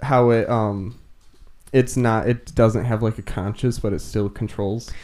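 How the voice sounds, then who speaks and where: A young man co-hosting a podcast in casual chat, relaxed and teasing. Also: on the low side, unhurried. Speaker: podcast co-host.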